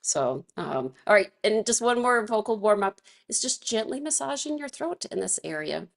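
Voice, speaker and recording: A woman's voice: medium pitch, very animated, normal speed, gravelly. A woman teaching a casual wellness class, chatty and laughing often, with many fillers and restarts. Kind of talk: casual guided class instruction.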